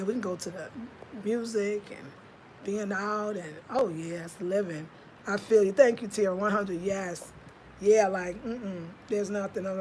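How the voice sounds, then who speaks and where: A woman's voice: mid-range voice, slight background noise, poor audio. A middle-aged woman, chatting casually and animatedly with viewers on a live stream. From United States. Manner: animated, laughs at herself, talks to viewers directly. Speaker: vlogger.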